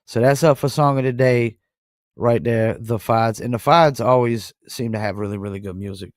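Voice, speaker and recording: A North Carolina man with a Southern US accent hosts a music review livestream, laid-back and rambling, with frequent "um" and "I mean." His medium-pitched voice moves at normal speed, in clean studio sound with no room noise.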